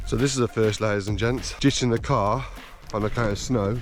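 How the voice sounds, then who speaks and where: A man's voice: on the low side, steady tone, brisk, few pauses, music in the background. A man talking casually to camera, calling his viewers ladies and gents and swearing now and then. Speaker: vlogger exploring abandoned cars. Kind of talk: casual chatty vlog talk to camera. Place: in a car, then outdoors in snowy countryside. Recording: noisy outdoor recording with wind and car noise.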